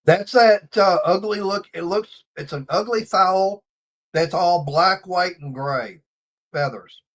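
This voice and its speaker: Livestream host, male, high-pitched, rambling anecdotal storyteller. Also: slow, fairly bright tone. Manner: rambling storyteller, acts out quotes. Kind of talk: casual chat.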